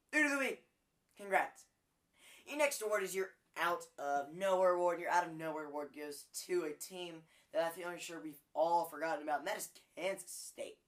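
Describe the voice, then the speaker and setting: A man's voice: on the high side, a bit bright. A man hosting a sports show, handing out weekly college football awards in a chatty, joking way with frequent fillers. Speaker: sports podcast host. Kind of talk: casual sports commentary.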